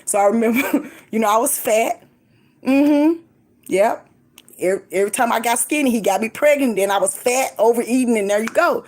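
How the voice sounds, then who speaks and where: Woman vlogger, high voice, swooping, emphatic, laughs a lot. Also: moderate pace. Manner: lively and emphatic, laughs often, swoops up and down in pitch. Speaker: faith vlogger. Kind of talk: casual preachy encouragement.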